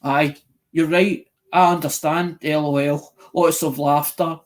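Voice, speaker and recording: Man, casual chat, rambling, repeats himself, fairly high voice. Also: fairly even intonation, a little slow. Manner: rambling, repeats and restarts phrases, acts out quoted voices. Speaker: coin collecting YouTuber.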